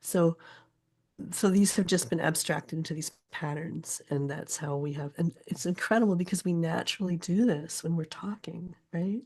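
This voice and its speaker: An older woman, a poet and teacher, explaining her subject in a casual interview, thoughtful and often pausing to search for words. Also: fairly low pitch, fairly even intonation, a little mellow.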